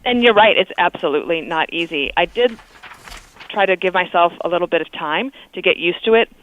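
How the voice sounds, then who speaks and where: A woman's voice: fairly low pitch, fairly quick. A woman calling in as a guest on talk radio, speaking in a chatty, candid way with small fillers. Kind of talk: phone interview on talk radio. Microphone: phone. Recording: tinny phone line.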